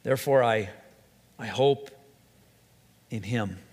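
A man delivers an earnest sermon as a pastor, slowing down to lean on key phrases and often restarting mid-sentence. His voice sits at an ordinary middle pitch. A long reverb trails each line, as in a large hall. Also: darkish tone. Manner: earnest, with slow emphatic phrases and frequent restarts.

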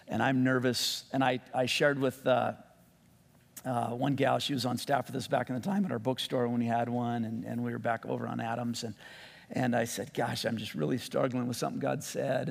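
A middle-aged pastor with a gravelly, rough-edged voice, preaching in a relaxed, storytelling way. He stumbles and restarts often, and his words trail off into the long reverb of a hall. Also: mid-range voice, normal speed. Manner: conversational, animated in quotes, frequent restarts. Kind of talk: sermon with storytelling.

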